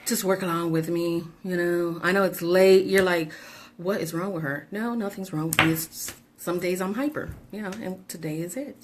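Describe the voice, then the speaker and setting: A woman's voice: on the low side, steady tone, normal speed, background noise. A middle-aged woman hosting a show, chatting casually in a bubbly, giggly, rambling way. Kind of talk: casual chat.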